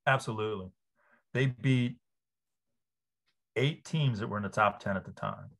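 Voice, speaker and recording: A man's voice: fairly low pitch, moderate pace, vocal fry. Enthusiastic middle-aged man telling stories. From New Orleans area, Louisiana. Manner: enthusiastic, animated storyteller. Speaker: guest, sportswriter. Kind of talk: casual interview.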